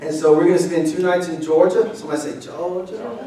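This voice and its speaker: A man's voice: a little high, flat delivery, fast talker, crowd noise. A young man, preaching a casual, joking sermon and bantering with his congregation. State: weak from illness. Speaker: pastor. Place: church sanctuary. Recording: echoey sanctuary, mic from far off.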